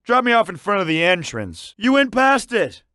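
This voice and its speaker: An actor playing a jittery, wisecracking taxi passenger in a video game, complaining with quick retorts. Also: male voice, high voice, very animated, sharp tone, no echo, studio quality, exaggerated voice.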